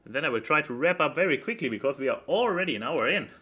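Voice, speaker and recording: A man hosting a podcast in casual chat, his voice bright and forceful. He jokes around and stumbles over his words, restarting often. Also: a little high, expressive, fast, husky. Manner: jokey, stammering restarts. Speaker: podcast host.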